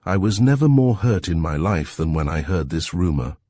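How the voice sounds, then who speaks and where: A man voicing a pushy, ingratiating middle-aged crook who talks loud and emphatic. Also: sits low, lively intonation, normal speed, no room sound, studio quality. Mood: wheedling.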